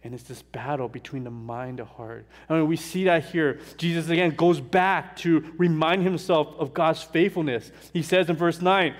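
A man with a fairly high voice preaches with slow, earnest emphasis, his voice going quiet on the hardest words. He stands in a church, and a long hall reverb trails behind each phrase. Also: fairly even intonation. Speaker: pastor. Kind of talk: sermon. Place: church sanctuary.

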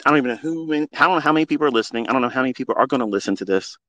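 Very fast and animated, a middle-aged man with a medium-pitched, fairly bright voice talks into his phone. He's a trading mentor hosting a live audio space. He gives an unscripted monologue that's heartfelt, passionate and preachy, with blunt swearing thrown in.

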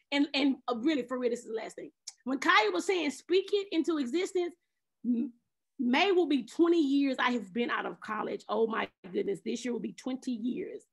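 A woman, giving a casual devotional talk on a video call, lively and preachy, often laughing and acting out her own thoughts. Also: sits high, gravelly. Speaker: speaker at an online faith round table.

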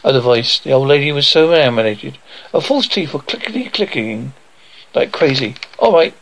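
A man's voice: mid-range voice, lively intonation, normal speed, vocal fry, fairly bright tone, a little hiss or hum, rough recording. A man reading a children's adventure story aloud, voicing the sound effects theatrically. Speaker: storyteller reading his book.

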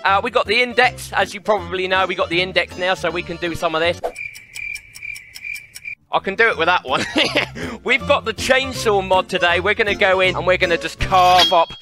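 A man giving playful commentary on a VR game, laughing often and yelling in the fights. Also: high voice, moderate pace, music in the background, rough recording. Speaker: gaming YouTuber. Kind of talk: VR gameplay commentary.

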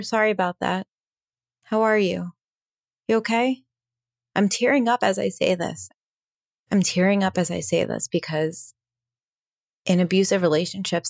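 A woman's voice: on the low side, no echo, studio quality. A woman coach hosting a podcast, talking in a candid, earnest and casual way, with plenty of fillers and the odd swear word. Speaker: podcast host and emotional abuse coach.

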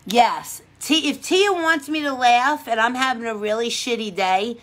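A woman's voice: fairly high pitch, a little slow, a bit bright. A woman from hosting a casual makeup livestream, chatting with viewers in a rambling, upbeat, encouraging way. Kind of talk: casual livestream chat reading comments.

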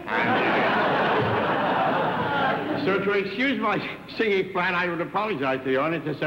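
An older comedian doing a stand-up telephone monologue with dry wisecracks and one-sided phone chatter on a large theater stage. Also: male voice, high-pitched, lively intonation, fast talker, hardly any pauses. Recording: echoey theater, dull 1960s TV sound with hiss.

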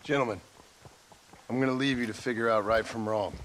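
An actor playing a tough, dry-witted cowboy gunslinger who speaks bluntly in a video game. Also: male voice, lowish voice, brisk, a bit bright, a little hiss or hum, close to an everyday voice, rough recording.

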